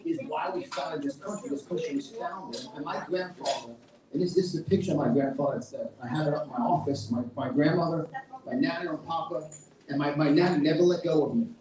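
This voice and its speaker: A middle-aged man with a New York accent giving a loud, passionate and combative speech at a live event. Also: fairly high pitch, brisk. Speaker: featured event speaker. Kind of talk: fiery political speech. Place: event hall with live audience. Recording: echoey room, mic at a distance, crowd audible.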